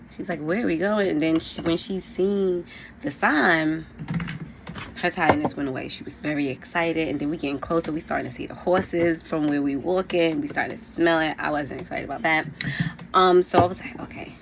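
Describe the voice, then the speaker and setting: A young New York woman tells a storytime vlog while getting ready, casual and frank, scattering "like" and "you know" throughout. Her voice is low-pitched, and there's a little hiss or hum on the recording.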